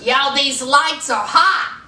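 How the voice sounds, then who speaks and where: A woman giving a casual, sassy gossip recap in an animated storytelling way, calling her viewers honey and y'all. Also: high voice, takes it slowly, distant mic. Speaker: recap vlogger. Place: indoor room under hot lights. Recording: roomy, mic set back.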